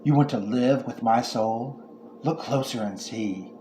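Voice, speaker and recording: A man voicing Australia, a blunt, deadpan young heroine in a comic horror story, recorded in an echoey room. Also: mid-range voice, unhurried, slight background noise, close to an everyday voice. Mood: menacing. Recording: echoey room with faint ambience.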